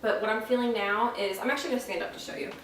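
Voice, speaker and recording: A woman's voice: on the high side, rapid-fire, fairly bright tone, far from the mic. Chatty young woman in an echoey room. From Florida. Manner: chatty, frank, many ums and restarts. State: dry mouth, short of breath. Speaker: vlogger. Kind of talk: casual pregnancy update vlog. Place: at home, indoors. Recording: very echoey room, faint noise, off-mic.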